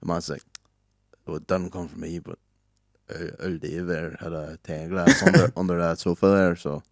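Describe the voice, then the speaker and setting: A man's voice: low voice, lively intonation, normal speed, creaky, no room sound, clean studio sound. A man in his twenties, co-hosting a podcast in laid-back, sweary banter with a friend. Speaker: podcast co-host. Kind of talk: casual chat.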